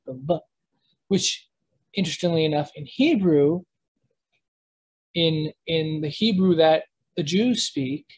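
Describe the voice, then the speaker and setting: A teacher giving a live online lesson while sharing the screen, explaining step by step in a halting way with frequent restarts and quick checks with the class. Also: mid-range voice, darkish tone, husky. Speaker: language teacher.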